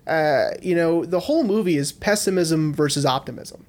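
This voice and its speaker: Thoughtful young man, slightly high voice. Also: animated, normal speed. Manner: thoughtful, hedging, analytical. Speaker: podcast co-host. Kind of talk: casual movie discussion podcast.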